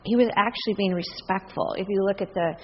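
A woman's voice: medium pitch, fairly quick, a little hiss or hum. An older woman preaching a sermon in a large church, chatty and humorous, laughing often. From US Northwest. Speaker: guest preacher. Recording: distant, dull sound with long hall reverb.

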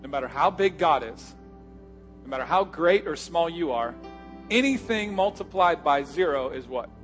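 Pastor, male, slightly high voice, emphatic preacher who drops to near-whispers; light music underneath. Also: lively intonation, normal speed. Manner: emphatic preaching, swinging from loud punches to hushed asides. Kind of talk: sermon.

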